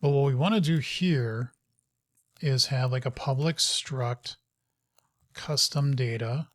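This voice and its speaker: A man works through a coding session and thinks out loud at an unhurried, deliberate pace, his voice sitting at an ordinary middle pitch. He mutters to himself, scolds the code and slips in wry, self-mocking asides. The sound is close and dry, with no room around it. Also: dry recording. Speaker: host of a live coding session. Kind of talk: thinking aloud while coding.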